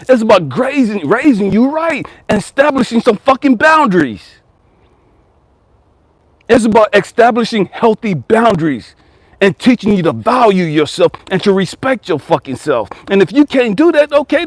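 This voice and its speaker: A man in his forties talks straight and profane as a life coach. His pitch sits high for a man and swings widely, and the recording is dry and close. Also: sing-song, normal speed, no room sound. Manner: blunt, profane, emphatic. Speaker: life coach and channel host. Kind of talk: casual motivational monologue.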